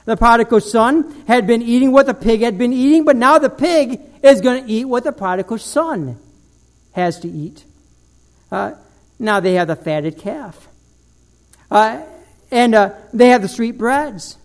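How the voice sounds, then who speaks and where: A man preaching a sermon as pastor, telling an animated story and dropping to a slow, low voice for emphasis.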